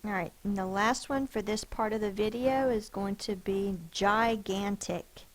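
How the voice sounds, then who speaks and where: A woman teacher giving a phonics lesson, sounding out words slowly and carefully. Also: mid-range voice, low-quality recording.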